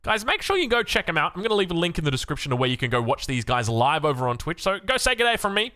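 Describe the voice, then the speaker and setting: An Australian man giving animated, jokey esports match commentary with self-mocking asides. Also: on the high side, fast. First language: English. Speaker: game caster.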